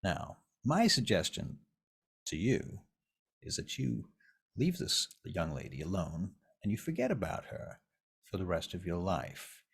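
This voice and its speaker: Male GM doing a composed, commanding vampire gent; low, husky tone. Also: huge pitch swings, heavily acted. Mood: stern. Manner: measured, formal, commanding. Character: calm, formal male vampire musician Garwood.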